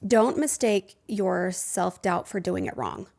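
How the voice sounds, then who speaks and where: A woman's voice: mid-range voice, big pitch swings, takes it slowly, vocal fry, darkish tone. Earnest woman podcast host. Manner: earnest, reflective, laughs often. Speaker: podcast host and life coach. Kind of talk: casual podcast chat.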